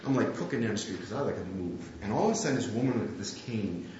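A man's voice: on the low side, lively intonation, fast, darkish tone. A man preaching a sermon, telling a candid, self-deprecating story about himself. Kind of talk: sermon with personal anecdote. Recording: very echoey, slightly dull room recording.

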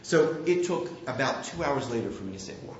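A man's voice: medium pitch, animated, brisk, slight background noise. A man preaching a sermon, telling a candid, self-deprecating story about himself. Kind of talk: sermon with personal anecdote. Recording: very echoey, slightly dull room recording.

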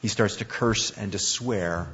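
A man preaching a conversational sermon, telling the story with animated, acted-out speech. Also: fairly low pitch, measured pace, breathy edge. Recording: dull lo-fi recording.

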